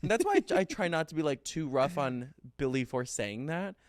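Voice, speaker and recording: A young man chatting casually as a podcast co-host, quick to giggle and full of "like"s. His voice sits a little high for a man, and the sound is close and dry with no room around it. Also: no echo. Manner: giggly, animated, filler-heavy. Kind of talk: casual pop-culture chat.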